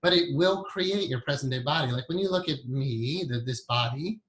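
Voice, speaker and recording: This man teaches hypnotherapy in a loose, rambling lecture, chatting freely with plenty of fillers and self-corrections. He speaks at a moderate pace in a mid-range, slightly bright voice.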